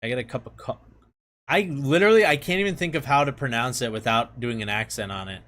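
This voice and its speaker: A man's voice: mid-range voice, fast, a bit bright. A man chatting casually with viewers, laughing often. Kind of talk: casual chat.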